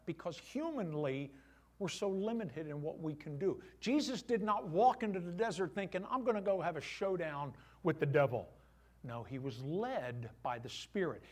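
A middle-aged man preaches a sermon in church. His voice sits high and swings widely in pitch. He acts out little voiced asides as he goes. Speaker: pastor.

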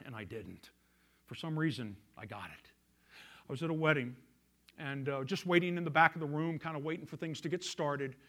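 A male pastor preaching a sermon, telling a story and swinging from loud emphasis to hushed quiet. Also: a little high.

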